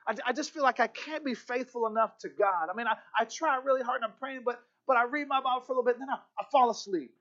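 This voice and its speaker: A man's voice: very high voice, fairly bright tone, dull audio, voice pushed up. A man voicing a discouraged young man who stammers and rambles anxiously about his failures. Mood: anxious pleading. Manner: rushed, stammering, pleading.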